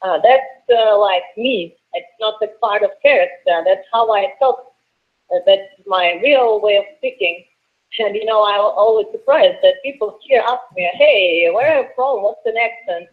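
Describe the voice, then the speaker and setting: A woman's voice: medium pitch, unhurried. A woman in her late twenties from Russia with a Russian accent, a professional wrestler answering interview questions earnestly with many hesitations. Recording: tinny phone line.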